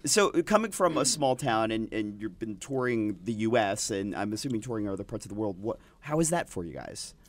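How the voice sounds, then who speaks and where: A man's voice: fairly low pitch, very animated, fairly quick, few pauses. A man hosting an interview and asking curious, well-researched questions. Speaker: interview host. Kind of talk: casual interview.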